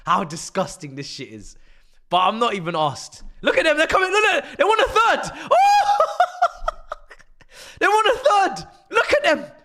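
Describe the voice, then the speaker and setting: A man's voice: high-pitched, bright, forceful tone. A young man, doing live watch-along commentary on a football match as a fan streamer, ranting in exasperation and mocking the play.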